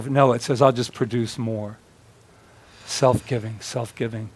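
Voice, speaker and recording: A man's voice: mid-range voice, steady tone, measured pace. A male minister giving a chatty sermon, telling stories and acting out quoted voices with humor. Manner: storytelling, acts out quoted voices; chatty, laughs with congregation.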